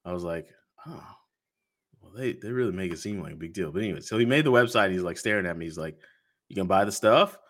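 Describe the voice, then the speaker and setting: A man's voice: sits low, expressive, quick pace, a bit bright. A man, a podcast host being interviewed, telling a story in casual chat and acting out the quoted dialogue with laughs.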